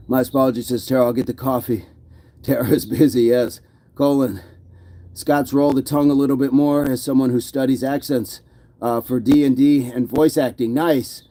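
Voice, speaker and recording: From a home gym, a man hosts a fitness livestream, chatting casually and reading out viewer comments in an easygoing, rambling way with many fillers. His medium-pitched voice is warm, steady, and unhurried, with slight background noise.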